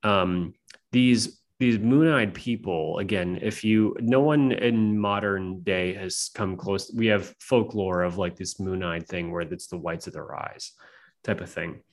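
Low-voiced man telling stories, swearing. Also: a little slow. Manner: profane, rambling, filler-heavy. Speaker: podcast guest. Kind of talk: casual storytelling chat.

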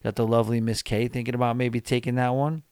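Yawning and tired, this podcast host talks fast in a level, mid-range voice that is a little mellow, clear and resonant. He rambles casually late at night, full of fillers, in a studio-quality recording with no echo.

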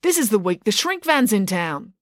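A woman's voice: mid-range voice, very animated, normal speed, no echo, studio quality, pitched above the performer's own voice, natural voice. A woman voicing a blunt, matter-of-fact small-town constable.

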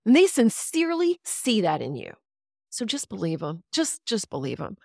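An animated woman in a casual podcast chat, candid and quick to laugh, with a now-and-then swear word. Her voice sits at an ordinary middle pitch. It is recorded close and dry, with no room sound at all. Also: gravelly, no room sound.

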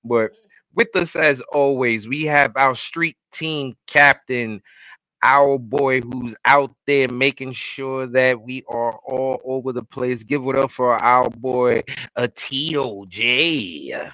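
A man hosting a casual podcast, opening with hype wrestling-style introductions and swinging between loud outbursts and quiet asides. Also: medium pitch, slow, no echo, muffled recording. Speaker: podcast host.

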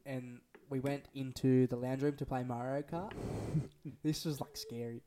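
A man's voice: mid-range voice, fairly even intonation, measured pace, background noise. A young man, a podcast co-host telling rambling, sweary stories in casual chat.

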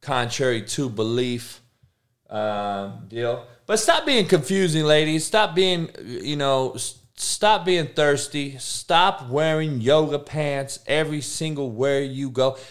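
A man's voice: on the high side, expressive, takes it slowly. Profane slangy podcast host man. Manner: profane, slangy, talks back to chat. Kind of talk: casual live-stream chat.

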